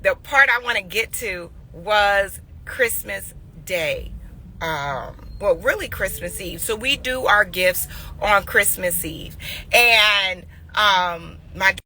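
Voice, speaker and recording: A mother in her forties, speaking slowly in a mid-range voice with a sharp edge, shares a devotional. Her family story turns into an earnest, emotional morning message, and she repeats phrases for emphasis.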